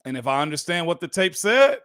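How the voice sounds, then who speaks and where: A man's voice: a little high, sing-song, a little fast, a bit bright, clear, resonant tone, dry recording, studio quality. A man hosting a podcast, teasing his guest in slangy, casual banter. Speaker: podcast host, former offensive guard.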